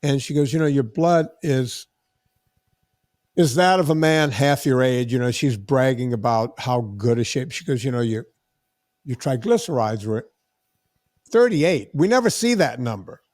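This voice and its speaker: Animated man telling a story. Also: medium pitch, moderate pace, dry recording, studio quality. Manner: animated, acts out quoted dialogue. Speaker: podcast host. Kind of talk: casual storytelling.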